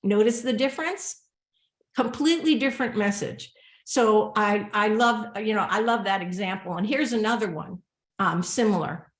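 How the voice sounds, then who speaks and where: A woman's voice: mid-range voice, moderate pace. Woman lawyer teaching grammar, roomy sound. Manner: conversational, reads example sentences aloud with spoken punctuation; repeats words and restarts often. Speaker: attorney presenting a webinar. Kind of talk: instructional webinar talk.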